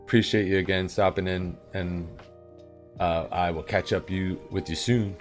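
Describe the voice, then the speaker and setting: A man's voice: low voice, steady tone, normal speed, soft background music. A man live-streaming and chatting casually with viewers, rambling and upbeat in his morning voice. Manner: rambling and upbeat, with sudden loud bursts.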